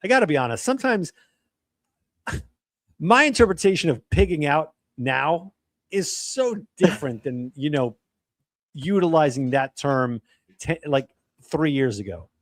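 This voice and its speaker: A man talking as an interview guest, animated and laughing as he tells stories. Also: fairly high pitch, a little slow, pauses often, no echo. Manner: animated storyteller, laughs while telling. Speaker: podcast guest. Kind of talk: casual interview chat.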